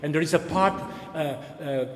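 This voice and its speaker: A man's voice: a little high, normal speed. A man hosting a panel discussion in earnest, repetitive speech with non-native phrasing. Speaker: Dominican cultural center host. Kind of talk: panel moderation. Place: church. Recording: echoey church hall with long reverb.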